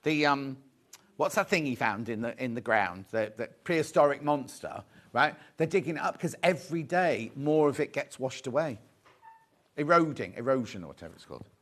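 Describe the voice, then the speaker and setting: A middle-aged man hosting a live fabric sales show, chatting excitedly and teasing the crew. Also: mid-range voice, moderate pace. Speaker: shopping show host.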